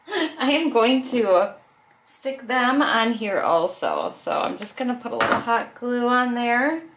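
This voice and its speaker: A woman's voice: fairly high pitch, expressive, slow pace, background noise. A woman hosting a casual craft video, narrating each step as she works, chatty with small laughs. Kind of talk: casual craft tutorial voice-over.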